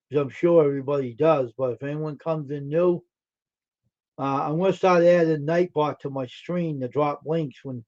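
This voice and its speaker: A man's voice: a little high, dark tone. A man hosting a live stream, chatting casually and answering his viewers' messages aloud while sounding tired and yawning. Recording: dull lo-fi stream audio.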